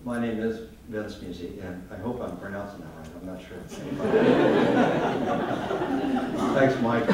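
A man's voice: sits low, background noise. A man giving a humorous stage talk as a photographer, wry and self-deprecating, in front of a live audience. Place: large hall before a live audience. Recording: echoey hall, mic from far off.

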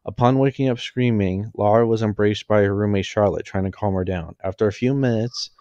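Amateur male story reader, low voice, stumbling self-corrections, dry close sound. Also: brisk, a little mellow, no room sound, dull audio. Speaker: fanfiction reader.

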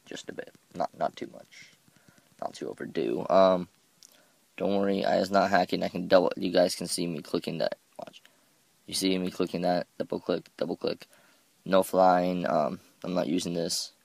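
A man talks his way through a game in a loose, rambling commentary, poking fun at himself and tripping over words. His voice sits deep and carries a gravelly fry. The recording is dry and close, with no room sound. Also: fairly even intonation, normal speed, a little mellow, no echo. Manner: rambling, self-mocking, stumbles over words. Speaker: gameplay commentator.

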